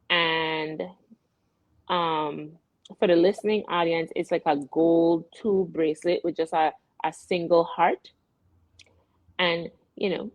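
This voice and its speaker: A woman's voice: on the low side, dry recording, lo-fi sound. A middle-aged woman from the Virgin Islands with a Virgin Islands accent, hosting a radio show in casual chat and acting out exasperated reactions as she tells stories.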